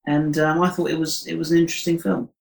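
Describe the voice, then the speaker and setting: A man as a podcast guest in casual film discussion, speaking in a polite, measured, slightly tentative way. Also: a little high, little pitch movement, creaky. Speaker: podcast guest, former co-host. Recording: roomy echo.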